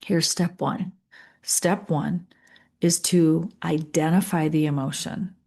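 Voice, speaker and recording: A middle-aged woman leading a guided coaching session, calm and earnest, repeating phrases with pauses. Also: sits low, vocal fry, breathy edge. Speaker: leadership coach.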